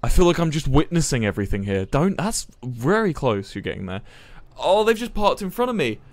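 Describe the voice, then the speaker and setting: Young man, excitable stream chatter, fairly high voice, dry close mic. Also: brisk, no room sound. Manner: excitable, flustered, swearing, laughing. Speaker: livestreamer. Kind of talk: live gaming stream commentary.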